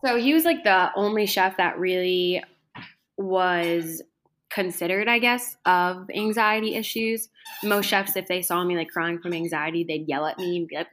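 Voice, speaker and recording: Chatty young woman, slightly low voice. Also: moderate pace, a bit bright. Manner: chatty, many fillers and "like"s. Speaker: interview guest, culinary school graduate. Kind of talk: casual conversational interview.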